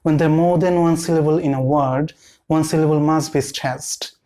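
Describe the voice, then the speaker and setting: A man teaching pronunciation, speaking deliberately and repeating each word for the viewer to copy. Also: on the high side, steady tone, mellow. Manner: slow, deliberate, repeats words for drilling. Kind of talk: pronunciation lesson.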